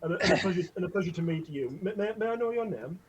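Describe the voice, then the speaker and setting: Male player in a tabletop game, eager, jokey, somewhat high voice, faint hiss behind. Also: expressive, rapid-fire, dull audio. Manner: eager, joking questions. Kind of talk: casual tabletop game chat.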